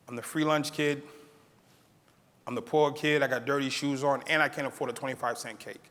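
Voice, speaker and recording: Man, middle-aged, keynote storytelling, somewhat high voice, acts out quoted voices, long echo of a large hall. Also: brisk, fairly bright tone. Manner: laughs at his own story. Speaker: keynote speaker. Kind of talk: storytelling speech to an audience.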